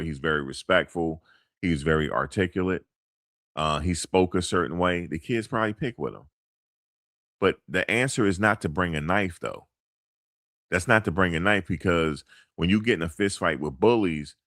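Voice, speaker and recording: Middle-aged man, very low voice, dry close mic, loose slang-heavy monologue full of restarts. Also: a bit bright, dry recording. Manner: loose, rambling, street slang with many fillers and restarts. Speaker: commentator. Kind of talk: casual storytelling monologue.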